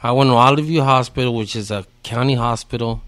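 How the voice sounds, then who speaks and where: A man's voice: mid-range voice, fairly even intonation, quick pace, fairly bright tone. A man, a podcast guest telling a story in a laid-back, slangy way with heavy swearing. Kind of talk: casual storytelling.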